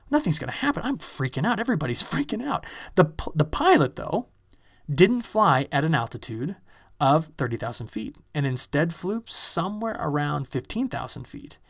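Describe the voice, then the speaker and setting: A Midwestern man teaching a recorded online lecture, his voice sitting a little on the high side. He explains things in an animated, storytelling way. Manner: lively storytelling, animated when excited. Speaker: university lecturer. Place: recording space in Champaign-Urbana.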